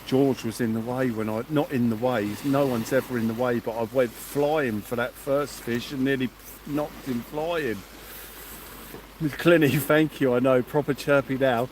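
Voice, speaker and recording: Male angler hosting a night livestream, gushing thanks to viewers, middle pitch, light background noise. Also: fairly even intonation, measured pace, darkish tone. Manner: effusive, thanks viewers by name. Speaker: fishing livestream host. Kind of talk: excited livestream chat. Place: outdoors at night by the sea.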